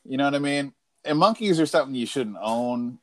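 A man in casual chat, telling stories in a profane, rambling, animated way. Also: mid-range voice, fairly quick.

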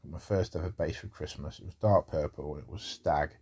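A man's voice: a bass voice, brisk, mellow, breathy edge. A man talking in a rambling casual monologue about music, with wry asides.

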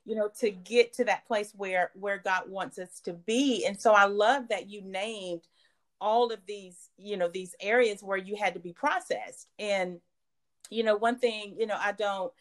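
A woman's voice: mid-range voice, steady tone. Woman encouraging a guest in a faith talk. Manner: encouraging, measured, with many "you know"s. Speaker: podcast host. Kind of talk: faith-based conversation.

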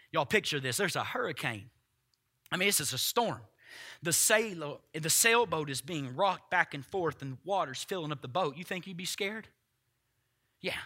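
A pastor preaching in church, with a high, ringing voice and a very bright tone. He talks straight to his congregation in a loose, conversational way. Now and then he bursts into loud, shouted lines. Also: animated, moderate pace. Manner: swings from quiet asides to loud shouted quotes; conversational, addresses congregation directly. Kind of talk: sermon.

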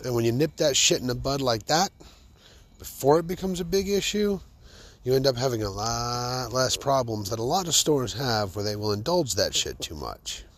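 A man's voice: mid-range voice, sing-song, normal speed, a little hiss or hum. A man in a casual comedic monologue, hosting his own show, sarcastic and laughing at his own stories. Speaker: podcast host.

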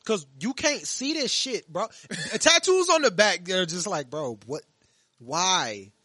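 A man's voice: high-pitched, big pitch swings, slow pace, sharp tone, no room sound, studio quality. A man co-hosting a podcast in casual chat, laughing often and chiming in with short reactions. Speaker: podcast co-host.

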